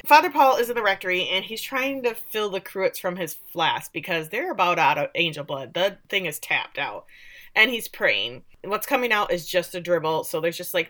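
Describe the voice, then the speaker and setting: Middle-aged woman, co-host, bright tone; animated casual recap. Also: mid-range voice. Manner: animated storytelling, acts out quotes with laughs. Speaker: podcast co-host recapping a show.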